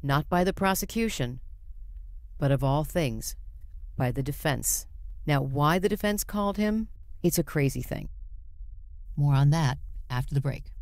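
A middle-aged woman hosting a true-crime podcast, narrating cases with crisp emphasis and interviewing guests. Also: deep voice, lively intonation, measured pace, pauses often, darkish tone, no room sound. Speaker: podcast host.

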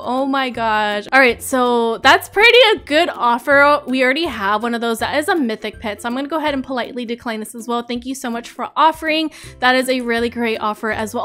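A young woman doing gameplay commentary as a YouTuber, excitable and gushing, often apologetic. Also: fairly high pitch, normal speed, soft background music. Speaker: gaming YouTuber.

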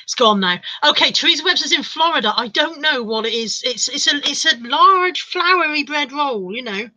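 A woman's voice: high-pitched, lively intonation, normal speed, bright, forceful tone, rough recording. A woman hosting a live stream, reading out viewer comments in a playful, mock-dramatic chat. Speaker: livestream host reading chat.

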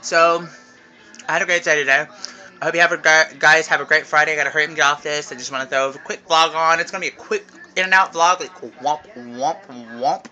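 A man's voice: a little high, fairly even intonation, fast, pushed and bright, soft background music. A man chatting in a casual, rambling vlog from home into his phone, talking while chewing candy. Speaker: vlogger. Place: at home, indoors. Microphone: phone camera.

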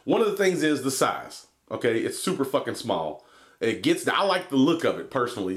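A man reviewing a vape box in a rambling, swearing, laid-back vlog. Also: medium pitch. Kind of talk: casual product review vlog.

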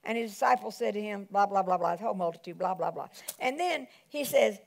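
A woman pastor preaching a sermon, animated and full of exclamations. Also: medium pitch, quick pace, vocal fry.

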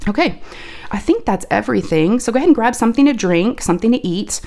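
A woman chatting casually while she crafts on camera. Her voice is deeper and scratchy from allergies, and she talks in a folksy, chatty way, saying "y'all.". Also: animated, fast, dark tone. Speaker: crafting video host.

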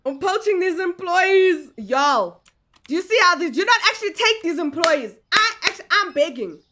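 A young woman giving casual, animated commentary as she plays a game, exclaiming and chatting to her viewers. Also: very high voice, moderate pace. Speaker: gaming streamer.

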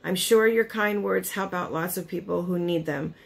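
This woman's voice is fairly low, creaky, and slightly rough, moving at a moderate pace. As a vlogger talking casually to camera, she gushes emotionally, leans on "like" and "you know," and sounds choked up, almost crying.

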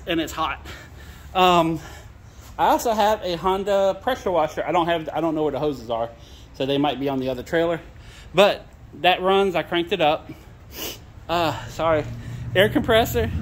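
A man's fairly high voice comes at a moderate pace over a little hiss or hum. Standing outdoors by a trailer, he casually rambles in a vlog about used gear he wants to sell, giggling, apologizing, and laughing until he tears up.

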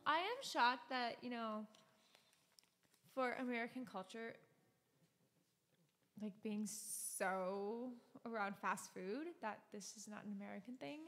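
A woman's voice: a little high, slow pace, pauses often, fairly bright tone, big-room sound. A young woman streamer chatting casually, cooing baby talk at her dog between songs. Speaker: streamer and singer. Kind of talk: casual live-stream chat. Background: piano music.

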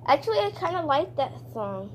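A woman's voice: high-pitched, very animated, brisk, background noise. A woman talking casually and playfully, with hesitant fillers, while playing with toys and switching between voices. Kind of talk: casual toy play with voices.

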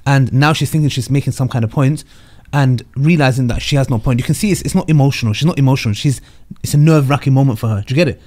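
A man hosting a reaction discussion, commenting in an animated way and mixing in Arabic religious phrases. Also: medium pitch, quick pace. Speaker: host reacting to a debate clip. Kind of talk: casual commentary.

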